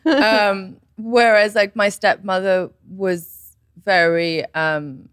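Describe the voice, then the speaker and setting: A woman's voice: mid-range voice, fairly even intonation, fairly bright tone, clear, resonant tone, no room sound, studio quality. A young woman co-hosting a casual chat, reacting readily and sharing her own story. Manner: chatty, quick to react and laugh along.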